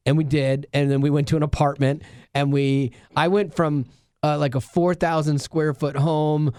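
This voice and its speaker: A man's voice: fairly high pitch, little pitch movement, moderate pace, a little mellow, clear, resonant tone, dry recording. A man co-hosting a casual podcast, telling a personal story earnestly, with many restarts and asides. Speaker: radio show co-host.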